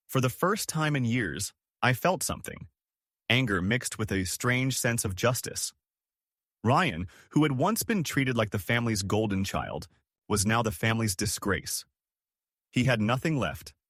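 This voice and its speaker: A man's voice: fairly low pitch, lively intonation, normal speed, fairly bright tone, no echo, studio quality. A man narrating a first-person story in a dramatic scripted storytelling manner.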